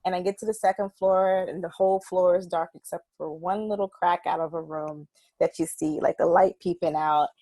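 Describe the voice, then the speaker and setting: A woman saxophonist talking as a guest in a casual interview, telling stories in an animated way and laughing often. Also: on the low side, fairly quick, no room sound.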